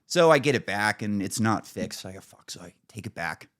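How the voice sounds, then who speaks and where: A middle-aged man with a hoarse throat, telling a profane story as podcast co-host. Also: on the low side, expressive, a little fast, fairly bright tone. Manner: profane storytelling, acts out quotes. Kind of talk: casual chat.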